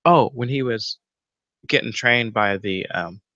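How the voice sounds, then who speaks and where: A man's voice: mid-range voice, measured pace, bright, forceful tone, no room sound, highs cut off. A man hosting a casual fan theory show from home, rambling with lots of fillers and the odd swear. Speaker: YouTube show host. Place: home room with a roommate nearby.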